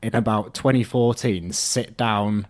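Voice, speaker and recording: A man with a fairly low voice tells a dating mishap in relaxed podcast chat. He acts out each quoted line and laughs often. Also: unhurried. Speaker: podcast guest. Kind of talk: casual storytelling.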